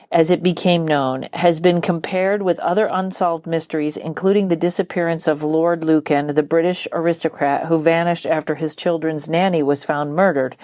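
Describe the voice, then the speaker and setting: A chatty woman hosting a podcast, reading news pieces aloud and breaking off for quick jokes. Her voice sits a little low, recorded close and dry with no room sound. The delivery is loose and conversational. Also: warm tone, no echo. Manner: chatty, laughs easily, reads with asides. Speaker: podcast host. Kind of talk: casual chat and reading articles aloud.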